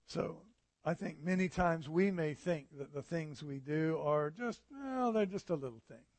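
A man's voice: on the high side, animated, a little slow, a little mellow, dry recording. A man, a pastor, preaching an earnest, conversational sermon with frequent fillers.

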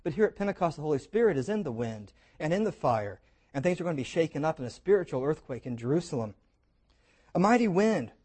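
Animated man preaching a sermon. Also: on the high side. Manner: animated storytelling with jokes and invited imagining. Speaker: pastor.

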